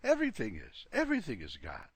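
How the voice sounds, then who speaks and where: A man's voice: mid-range voice, huge pitch swings, fast talker, slightly rough, no room sound, heavily acted. A man voicing a cheerful, unflappable old man with a breezy, matter-of-fact way of talking.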